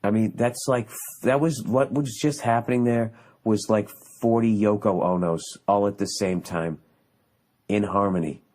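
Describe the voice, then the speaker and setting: Low-voiced man ranting profanely. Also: steady tone, moderate pace, a little mellow. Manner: rambling with frequent restarts and asides. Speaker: podcast host. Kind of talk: comedic rant monologue.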